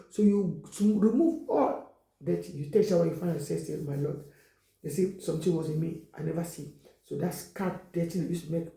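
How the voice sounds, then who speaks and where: A woman giving an informal exhortation, repeating herself, leaning on "you see" and breaking into loud prayer. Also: on the low side, gravelly, echoey room, low-quality recording. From Cameroon. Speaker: exhortation speaker.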